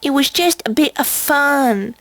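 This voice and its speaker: A woman voicing a possessive old female pony with a high, quavery old voice. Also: a little slow, no room sound. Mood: teasing. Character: old female pony, fond of her ring, turning possessive.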